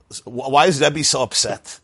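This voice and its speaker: A man's voice: medium pitch, a bit bright, husky. A man teaching a Talmud and Chassidus class, telling the story with laughing asides and mixing Hebrew and Yiddish terms into his English. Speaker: Torah teacher.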